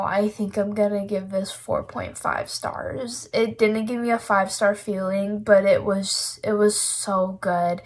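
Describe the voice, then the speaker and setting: A woman recording a casual reading vlog on her phone, chatty and effusive, filling her talk with "like.". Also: mid-range voice. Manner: chatty, heavy use of "like" fillers; emotional and effusive about books. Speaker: book vlogger.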